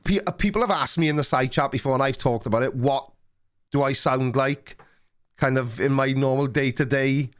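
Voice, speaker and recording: A man's voice: mid-range voice, normal speed. A Welsh man hosting a live stream, chatting casually with a caller and telling stories with frequent laughs. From Wales. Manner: chatty storyteller, laughs often. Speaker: livestream host.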